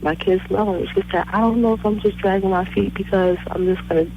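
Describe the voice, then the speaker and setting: A woman's voice: medium pitch, fairly even intonation, quick pace, slight background noise. Hesitant thirtysomething woman caller on a phone. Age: 30s. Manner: hesitant, rambling, many fillers. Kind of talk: phone call to a radio show. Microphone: cell phone. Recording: muffled phone line.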